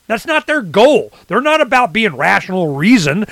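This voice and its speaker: A man talking in a casual rant, rambling and animated, often acting out what others say. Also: sits high, normal speed, no echo. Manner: rambling, animated, swings into quoted voices. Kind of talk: casual ranting chat.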